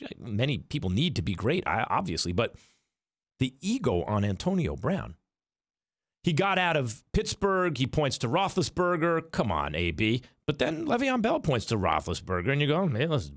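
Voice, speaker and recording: A man's voice: mid-range voice, no echo, clean studio sound. A middle-aged man hosting sports talk radio, arguing his takes with rhetorical questions. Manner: argumentative, rhetorical questions, animated delivery.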